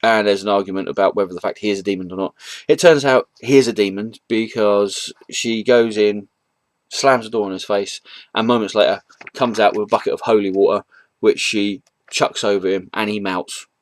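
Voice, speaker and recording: A man with a lowish voice talks through a comic book's plot in an easygoing, meandering way. He stops often on ums and restarts, and chuckles at the gags he retells. The sound is close and dry. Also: fairly even intonation, brisk, no echo. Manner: rambling, hesitant retelling with frequent ums. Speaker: comic book reviewer. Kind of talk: casual spoken review.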